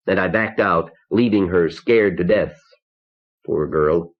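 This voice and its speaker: Male audiobook narrator, deep, measured, somber first-person reading, lo-fi cassette sound. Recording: dull lo-fi cassette tape.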